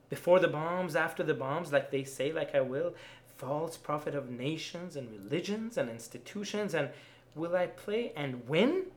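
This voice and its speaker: A performer giving a dramatic poetry reading, chanting and repetitive, rising to shouts. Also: mid-range voice, lively intonation, normal speed, echoey room.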